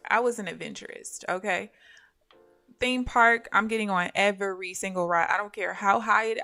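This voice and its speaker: A woman live-streaming her day trading talks in a bright, forceful voice, chatting casually with her viewers. She tells stories with lots of energy and laughter while commenting on her trades. Faint music plays in the background. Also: medium pitch. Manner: animated storyteller who addresses viewers as "y'all" and laughs often.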